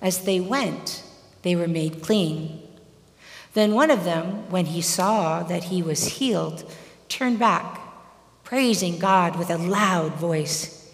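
A woman's voice: lowish voice, slow pace. A woman preacher giving a sermon and reading scripture, telling stories expressively, in a large church. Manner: expressive storytelling. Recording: long church reverb.

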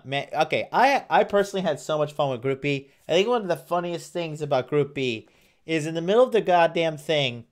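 A man's voice: fairly high pitch, a little fast. A young man hosting a casual livestream, reading viewer comments and talking in a loose, rambling way full of fillers and restarts. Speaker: livestream host.

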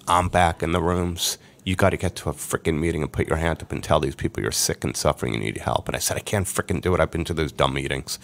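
A man's voice: extremely low pitch, creaky, fairly bright tone. A middle-aged man earnestly telling an emotional personal story as a podcast guest.

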